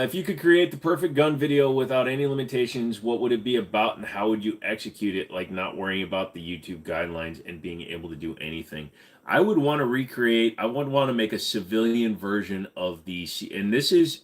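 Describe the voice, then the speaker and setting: A man hosting a casual live question-and-answer stream, rambling and swearing freely with lots of fillers. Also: fairly low pitch. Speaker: livestream host.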